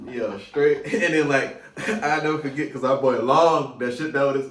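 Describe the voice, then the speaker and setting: A young man recounts army memories in slang, laughing as he acts out what people said. His voice is mid-pitched and sounds off-mic, bouncing around an echoey room. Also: measured pace, a bit bright, far from the mic. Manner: laughing storyteller acting out quotes in slang. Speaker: guest, army buddy. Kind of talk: casual chat.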